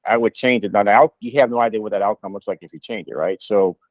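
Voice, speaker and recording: A man's voice: on the low side, fast talker, no room sound, low-quality recording. A man on a group video call asking a question hesitantly, repeating himself as he goes.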